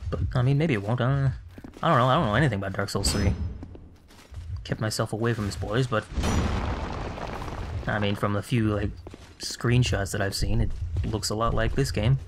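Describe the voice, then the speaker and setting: A man with a fairly low voice talks through his game session in a loose, offhand way. He mutters asides and sarcastic remarks to himself as he plays. A steady noise sits under the recording. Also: moderate pace, pauses often. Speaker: gameplay commentator. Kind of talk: casual let's-play commentary.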